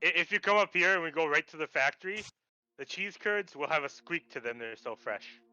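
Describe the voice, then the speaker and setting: A man's voice: on the high side, expressive, a little fast, pushed and bright, clear, resonant tone, dry recording, dull audio. A man from Wisconsin, friendly and easygoing, chatting casually during a game break. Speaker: tabletop game player.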